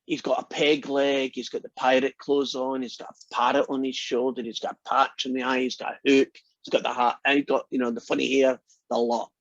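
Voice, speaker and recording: A teacher in an online class, chatty and quick to laugh while telling jokes. The voice is husky in a middling register. The sound is dull and dry, like a video call. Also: medium pitch, level tone, no room sound. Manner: chatty, encouraging, laughs easily.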